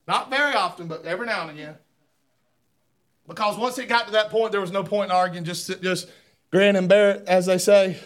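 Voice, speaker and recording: A man preaches to his church congregation. His voice sits high, and he grows fervent and loud, stammering through repeated words as he presses each point. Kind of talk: sermon. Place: church sanctuary.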